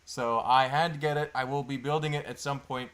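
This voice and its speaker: A man's voice: medium pitch, steady tone, brisk, a bit bright. A man hosting a casual livestream, chatting with viewers and greeting them by name, with lots of fillers. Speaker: livestream host. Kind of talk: casual live chat with viewers. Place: indoors, at a table of sorting bins.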